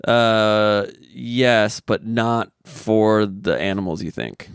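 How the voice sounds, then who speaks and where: A man's voice: lowish voice, slow, clear, resonant tone, dry recording. Guy cohosting a podcast, rambly and jokey, dry close sound. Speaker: podcast co-host. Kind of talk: casual chat.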